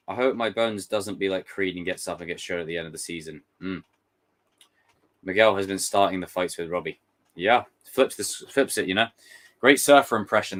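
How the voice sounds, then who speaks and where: A man's voice: deep voice, a bit bright. A young man giving casual, rambling live commentary, joking and swearing freely. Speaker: streamer reacting to a trailer.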